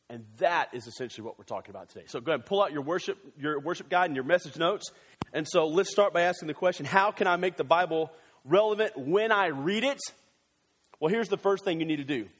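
Guy pastor preaching, high voice, jokey and animated, big hall echo. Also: breathy edge. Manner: animated and joking, with quick bursts. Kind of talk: sermon.

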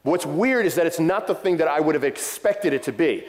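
Through heavy hall reverb, a middle-aged pastor tells an impassioned story in his sermon, voicing the quotes of its characters. He speaks a little fast with an animated, slightly high, darkish voice.

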